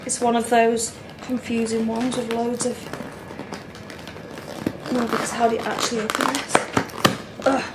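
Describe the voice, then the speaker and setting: The recording is very noisy: a woman in her thirties speaks in a level tone at a measured pace, leaving long pauses. She's a gushing, chatty family vlogger chatting casually in her bedroom at home, and she speaks to her toddler in a high voice.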